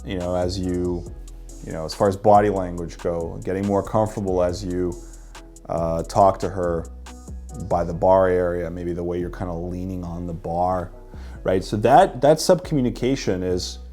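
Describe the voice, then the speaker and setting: A man's voice: low voice, moderate pace, dark tone, soft background music. A man teaching a workshop as a dating coach, explaining and demonstrating how to deliver lines.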